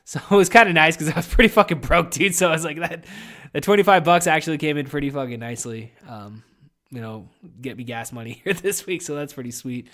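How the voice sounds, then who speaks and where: A man's voice: on the high side, fast, a bit bright. A young man hosting a podcast in casual, rambling solo chat, swearing constantly and getting over a head cold. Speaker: podcast host.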